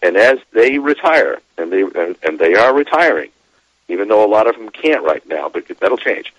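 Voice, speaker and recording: A middle-aged man, a demographer, talking as a guest on a radio show, animated and laughing as he explains. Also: lowish voice, moderate pace, no echo, low-quality recording. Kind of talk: radio interview.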